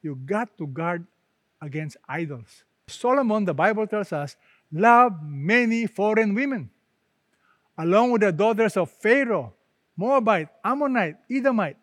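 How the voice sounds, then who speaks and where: A man preaching a sermon, emphatic, rising for stress and dropping soft and low at the ends of his phrases. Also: no echo. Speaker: pastor.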